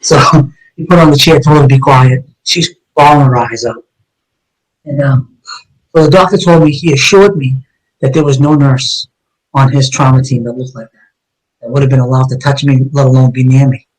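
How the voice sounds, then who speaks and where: Retired detective guest, middle-aged man, mid-pitched voice, earnest storyteller who acts out the dialogue. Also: fairly even intonation, moderate pace, poor audio. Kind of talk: personal story told in a live interview.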